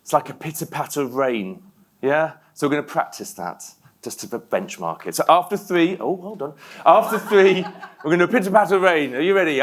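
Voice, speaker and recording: A middle-aged man from England, giving a motivational keynote speech and leading the audience in call-and-response. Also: a little high. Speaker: keynote speaker.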